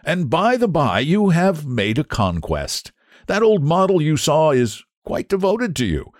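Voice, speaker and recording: A man voicing a flamboyant male painter who speaks in loud, exclamatory bursts. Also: on the high side, huge pitch swings, measured pace, no room sound, studio quality, voice pushed up. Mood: amused. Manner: exclamatory, grandly teasing.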